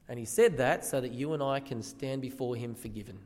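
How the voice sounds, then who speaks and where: A man's voice: mid-range voice, fairly quick, few pauses, darkish tone, big-room sound. A man preaching a sermon in earnest, often asking the listeners questions.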